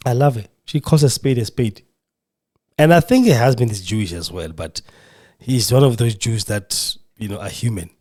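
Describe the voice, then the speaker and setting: A man's voice: medium pitch, normal speed, darkish tone. A man hosting a podcast, speaking in an impassioned, emotional monologue with a preacher's fervor. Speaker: podcast host. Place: radio studio.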